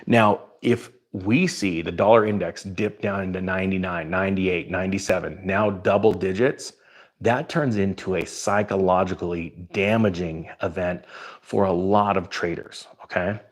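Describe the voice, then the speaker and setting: A man's voice: low voice, normal speed. A man hosting a finance channel, talking casually and with emphasis as he tells stories about markets. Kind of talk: casual commentary to camera.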